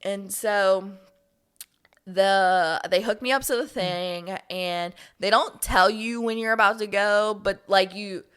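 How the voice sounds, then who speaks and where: A young adult woman, a podcast guest, in casual faith-based chat, telling stories in an animated, heartfelt way. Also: mid-range voice, slow, clean tone.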